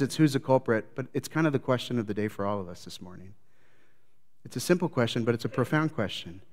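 A man preaching a sermon as pastor, swinging between loud, lively retellings and low, quiet reflection. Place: church sanctuary. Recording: long church reverb.

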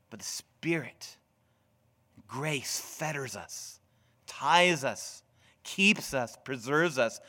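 Slow, deliberate male preacher. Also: medium pitch. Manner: deliberate, dramatic swings from loud to whispered. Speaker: pastor. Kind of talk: sermon.

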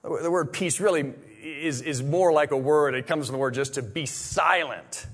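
A man preaching a sermon in a conversational way, full of restarts, swinging from loud exclamations to hushed whispers. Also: a little high, moderate pace. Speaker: pastor.

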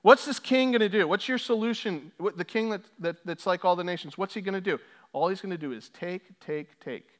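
A male pastor preaching a sermon in a church, building to forceful climaxes when he quotes scripture. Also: high voice, a little fast. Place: church sanctuary.

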